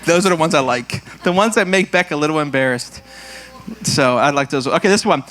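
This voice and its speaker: A male pastor leading prayer and announcements, playful and quick to laugh at his own jokes, acting out puns in silly voices. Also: a little high, a bit bright. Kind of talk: church service prayer and announcements.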